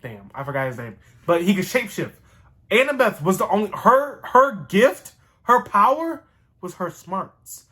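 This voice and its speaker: A man's voice: high-pitched, moderate pace. Guy yapping thru a show recap, slangy, gets hyped, cusses a bit. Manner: excitable, slangy, swears. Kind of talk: casual rambling recap.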